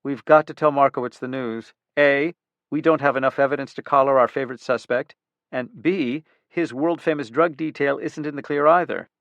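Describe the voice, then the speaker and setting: A man's voice: mid-range voice, normal speed, a bit bright, no room sound, dull audio, lightly acted. Man doing a wry, understated female detective.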